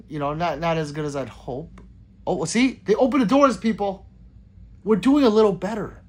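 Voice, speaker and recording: A man's voice: high voice, a little mellow. A man hosting a casual livestream, rambling and joking as he reads viewer comments aloud. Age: adult with children. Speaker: livestream host reading chat.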